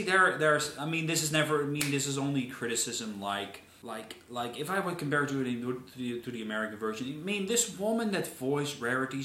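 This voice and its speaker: A man's voice: on the high side, fairly bright tone. A man hosting a casual commentary video, rambling, repeating words and often apologizing. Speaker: video host. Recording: echoey room.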